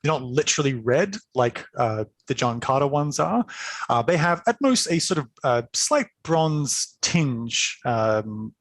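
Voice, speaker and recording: A man's voice: medium pitch, very animated, unhurried, no echo. A man as game master, narrating a tabletop game in an enthusiastic, chatty way, full of fillers.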